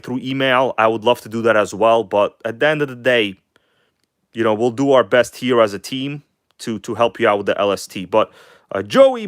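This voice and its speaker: A man hosting a casual livestream while working on a model engine, chatting with viewers and shifting between an animated showman tone and quiet mumbled asides. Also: mid-range voice, no room sound, clean studio sound. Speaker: livestream host.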